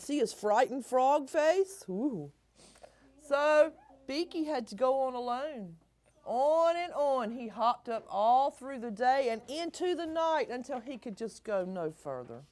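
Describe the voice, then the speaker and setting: A woman reading a picture book aloud to children as a librarian, coaxing them to act along. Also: high-pitched.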